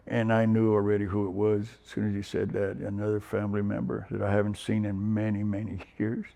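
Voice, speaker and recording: A man's voice: lowish voice, little pitch movement, fairly quick, gravelly, few pauses, mellow, muffled recording. A man in his sixties from San Diego, giving a personal testimonial in an interview, talking in a rambling way with many fillers and restarts. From San Diego, California. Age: 60s. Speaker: recovery program resident.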